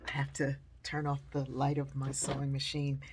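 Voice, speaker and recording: A woman telling a personal story at home, animated and shifting between loud and hushed delivery. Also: extremely low pitch, normal speed, noisy background. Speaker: storyteller and speaker. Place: at home by a sewing machine.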